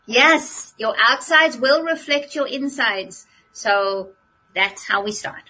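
A woman on a podcast, chatting casually and telling stories with animated laughter. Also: fairly high pitch, takes it slowly, slightly rough, poor audio. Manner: animated storyteller, laughs often. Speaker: podcast co-host. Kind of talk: casual chat.

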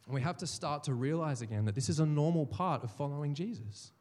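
A man's voice: mid-range voice, a little mellow. Storytelling male pastor in reverberant hall. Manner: storytelling, acts out quoted voices. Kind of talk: sermon.

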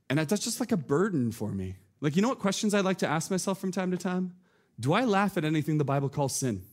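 A male pastor preaching a sermon to his congregation from the church stage. His voice sits a little high for a man. He speaks in an earnest way and often builds to animated emphasis.

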